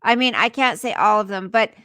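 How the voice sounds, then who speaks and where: A woman's voice: mid-range voice, fairly quick, fairly bright tone, dry recording. A woman hosting a casual livestream, ranting indignantly, swearing, and reading news aloud to her viewers. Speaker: livestream host.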